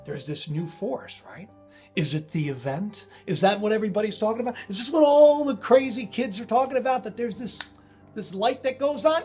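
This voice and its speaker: A man hosting his own channel, talking in a rambling, excitable way full of digressions and self-interruptions. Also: high voice, normal speed, breathy edge, soft background music. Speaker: channel host. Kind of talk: rambling spiritual commentary.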